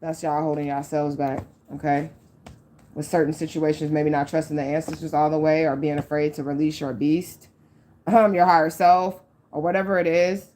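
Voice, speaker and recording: A woman's voice: low-pitched, little pitch movement, normal speed, dark tone, a little hiss or hum. A woman giving a casual psychic tarot reading to her viewers. She speaks frankly and swears freely, fills her talk with "like" and "okay," and addresses the audience directly and earnestly. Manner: frank and profane, with many likes and okays.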